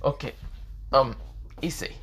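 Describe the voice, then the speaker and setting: A man's voice: unhurried, fairly bright tone, a little hiss or hum, lightly acted. A man voicing a pushy young male student who rambles with many fillers and pleads with his friend. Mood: hesitant. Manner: hesitant, rambling with lots of fillers.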